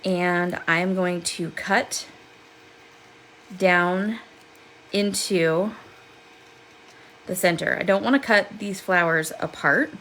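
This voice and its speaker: A woman's voice: fairly low pitch, fairly even intonation, slow, long pauses, a bit bright, a little hiss or hum, poor audio. Woman, crafting livestream host, chatty, upbeat, laughs often, talking at a desk. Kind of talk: live crafting demo, chatting with viewers. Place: seated at a home craft desk.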